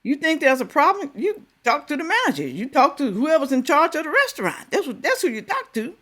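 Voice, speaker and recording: A middle-aged woman talks through a viral clip in casual commentary. Her pitch swings up and down constantly, and she keeps throwing questions at her audience. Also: fairly quick. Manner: animated, fires rhetorical questions at viewers. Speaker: reaction video host.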